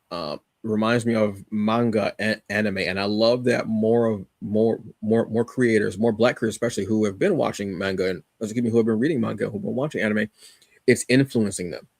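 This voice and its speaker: A man's voice: on the low side, creaky, dry recording, studio quality. A man co-hosting a podcast, casually reviewing a comic with rambling enthusiasm, many fillers and restarts.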